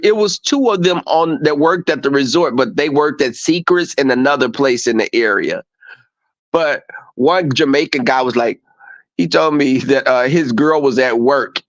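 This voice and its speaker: A man with a slightly high voice speaks at a moderate pace as he hosts a livestream, chatting casually with viewers and swearing freely. He acts out quoted exchanges in animated, profane storytelling, and the stream audio sounds dull and lo-fi.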